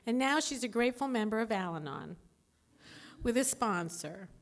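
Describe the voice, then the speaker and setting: A woman in her fifties giving a candid, animated personal talk as a speaker at a recovery meeting. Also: on the high side, moderate pace. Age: 50s.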